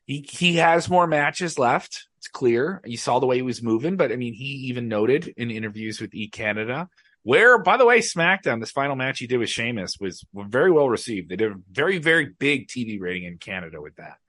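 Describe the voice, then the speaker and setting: A man's voice: medium pitch, lively intonation, brisk, fairly bright tone, no echo. A man talking passionately and emphatically as a guest in casual podcast chat.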